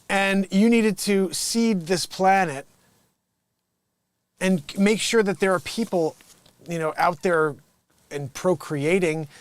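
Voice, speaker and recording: A man's voice: high voice, no room sound. A man hosting a livestream, chatting casually and jokingly about a Bible reading, laughing often. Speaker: livestream host.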